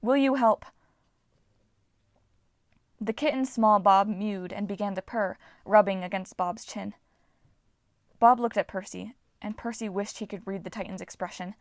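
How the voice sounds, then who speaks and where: Woman reading a book out loud, steady storytelling, mid voice, dry close mic. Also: mid-range voice, normal speed, no echo. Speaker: audiobook reader. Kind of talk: reading a novel aloud.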